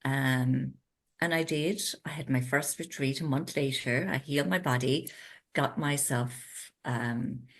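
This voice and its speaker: A woman's voice: a bass voice, unhurried, fairly bright tone, a little hiss or hum. A middle-aged Irish woman, a guest in a casual interview, telling her story with animation and acting out her own past thoughts. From Ireland. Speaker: interview guest, retreat owner.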